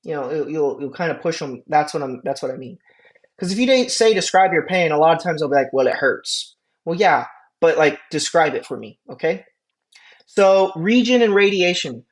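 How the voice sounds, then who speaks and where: Young guy teaching an emt class, kinda high voice, keeps asking the room okay? right?. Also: moderate pace. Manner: animated, asks the class rhetorical questions and checks in with okay. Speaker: EMT instructor. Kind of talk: classroom lecture.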